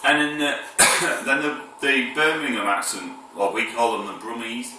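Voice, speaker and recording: A man's voice: mid-range voice, steady tone, a little slow, pushed and bright, very echoey, recorded from a distance, slight background noise, low-quality recording. A man from the north of England with a northern English accent, talking casually to camera in a rambling, hesitant way, full of fillers and restarts, with chuckles between phrases.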